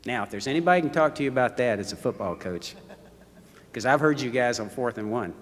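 A man's voice: medium pitch, fast. Folksy man telling stories in a hall. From United States. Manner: folksy, self-mocking, animated storytelling. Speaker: football coach giving a testimony. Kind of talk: storytelling speech to a live audience. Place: large hall. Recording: long hall reverb.

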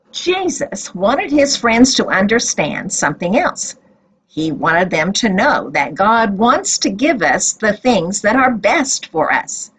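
A woman telling a Bible story to children as a teacher, with expressive storytelling. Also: medium pitch, slow, breathy edge, low-quality recording.

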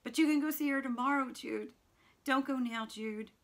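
A woman reading aloud as a distraught young woman who pleads tearfully with her lover not to leave. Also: measured pace. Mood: pleading. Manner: high, loud, tearful pleading.

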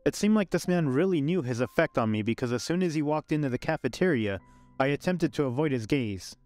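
A man's voice: on the high side, lively intonation, a little fast, a little mellow, no echo. Man narrating a love story. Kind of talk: scripted first-person story narration. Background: faint background music.

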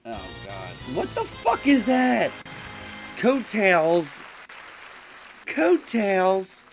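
A man's voice: high-pitched, wildly swooping pitch, extremely slow, vocal fry, faint music behind. Drunk man cursing at a game. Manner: cursing, angry, yelling at the game. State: intoxicated, slurring. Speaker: streamer playing a quiz game. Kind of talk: drunken gaming rant. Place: room with a TV on.

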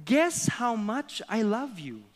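A man's voice: slow pace, in a large hall, heavily acted. A Filipino-accented man voicing an eager little boy rabbit from a children's storybook. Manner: high, pleading, excited. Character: small eager young male rabbit child.

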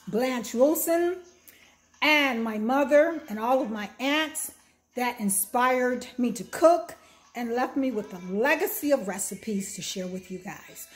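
An older woman who is a minister, hosting a casual cooking vlog, talking warmly and preachily and humming over her food. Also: on the high side. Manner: warm, preachy, tastes food with drawn-out hums.

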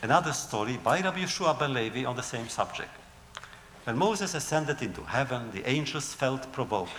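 A man's voice: mid-range voice, normal speed, slight background noise. Man lecturing in an echoey hall. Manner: animated storytelling with rhetorical questions. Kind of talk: storytelling lecture.

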